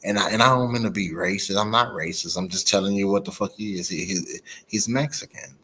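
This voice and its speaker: A man in a casual chat, telling stories in an animated, profane way. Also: fairly low pitch, fairly quick, slight background noise. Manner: animated, profane storytelling with frequent laughter.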